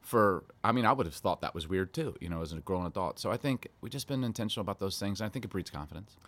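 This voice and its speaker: Middle-aged man, quick talker, lowish voice, animated storyteller. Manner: animated storytelling, laughing, voice jumping high for quotes. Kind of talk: casual podcast chat.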